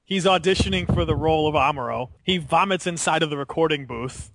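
A man hosting a podcast in casual discussion, animated and laughing often as he retells a story. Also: fairly high pitch, fairly quick, background noise. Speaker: podcast host.

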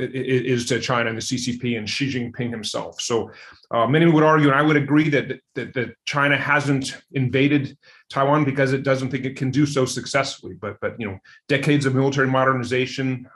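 A man answering questions as an interview guest, talking at a quick clip. He fills his answers with uhs and "you know," often repeating words as he restarts his sentences. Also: medium pitch, a bit bright. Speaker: interview guest, security expert.

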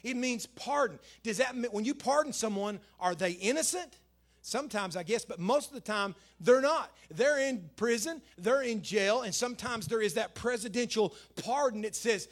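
A man's voice: high voice, lively intonation, normal speed. A middle-aged male pastor preaching a conversational sermon, repeating phrases and rising to emphatic scripture quotes.

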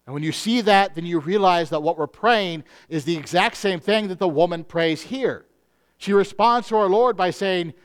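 A male pastor preaching a sermon in an earnest manner, slowing down on key phrases. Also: sits high, expressive, smooth.

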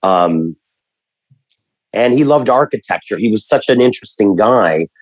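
A man recounts family anecdotes in a loose, animated way, full of fillers and false starts. His voice is husky, and the sound is dry and close with no room around it. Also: on the low side, a little slow, no echo, rough recording. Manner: rambling, animated storytelling with many restarts and fillers. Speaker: guest telling family stories. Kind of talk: casual conversation.

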